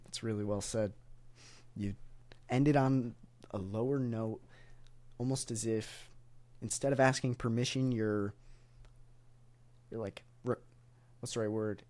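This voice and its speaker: A man's voice: fairly low pitch, steady tone, unhurried, pauses often, warm tone. A man hosting a podcast interview, asking questions casually and searching for words as he goes. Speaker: podcast host.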